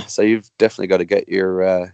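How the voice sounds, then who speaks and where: An Australian man, a guest racer, chatting casually on a podcast in a halting, rambling way with many restarts. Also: deep voice, little pitch movement, gravelly, clear, resonant tone, dry recording.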